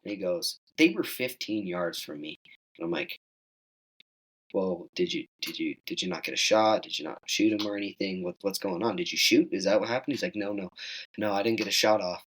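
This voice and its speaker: Teen male guest, lowish voice, animated storyteller who jumps up in pitch for quoted lines. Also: fairly quick, poor audio. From Wyoming. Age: teens. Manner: animated, acts out quoted dialogue in higher voice. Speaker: guest hunter. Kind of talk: casual storytelling.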